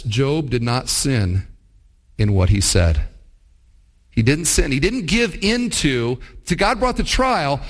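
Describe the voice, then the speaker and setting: A man preaching a sermon as pastor, talking conversationally and putting rhetorical questions to his congregation. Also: a little high.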